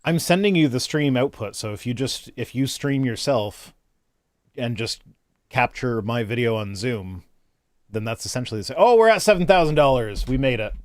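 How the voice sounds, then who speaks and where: A man's voice: mid-range voice, normal speed, no room sound, studio quality. A man hosting a charity livestream, chatting loosely, swearing and reading out donations on a home streaming mic. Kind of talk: casual livestream chat.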